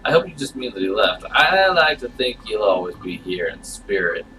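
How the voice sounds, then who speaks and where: A man reading aloud and voicing a creepy, hunched male butcher who runs an inn, speaking with a lisp and drawn-out, falsely innocent emphasis. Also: lowish voice, lively intonation, distant mic, noisy background, close to an everyday voice. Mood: sly.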